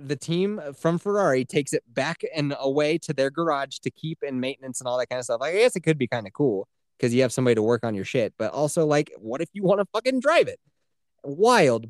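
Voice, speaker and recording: A man co-hosting a casual podcast, talking in a profane, animated way and laughing often. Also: medium pitch, no room sound, clean studio sound. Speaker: podcast co-host.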